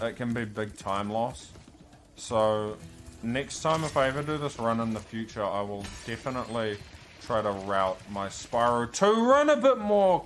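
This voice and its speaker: Man, speedrunner narrating his own gameplay, slow easygoing delivery, flares up into swearing, faint game music behind. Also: medium pitch. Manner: frustrated, swears and shouts at enemies. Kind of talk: live gameplay commentary.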